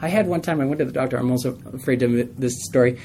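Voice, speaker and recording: Man teaching a lively Bible study. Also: mid-range voice, very fast, a little hiss or hum. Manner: conversational, asks the group questions, tells stories with laughs.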